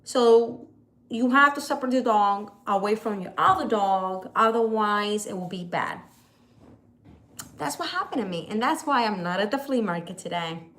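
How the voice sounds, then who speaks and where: A woman vlogging casually, retelling a mishap in an exasperated, animated way. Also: mid-range voice, moderate pace. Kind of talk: casual vlog storytelling.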